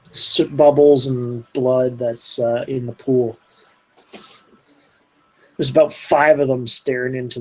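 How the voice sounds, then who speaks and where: A man's voice: mid-range voice, darkish tone, low-quality recording. A man with a Canadian accent running a tabletop game as game master, narrating loosely with lots of fillers and restarts. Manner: meandering, filler-heavy narration.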